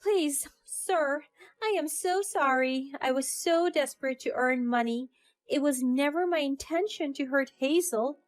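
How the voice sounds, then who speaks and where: A woman's voice: high-pitched, moderate pace, pitched above the performer's own voice, lightly acted. A woman voicing a scheming mother-in-law who pleads and begs in a narrated story. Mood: pleading.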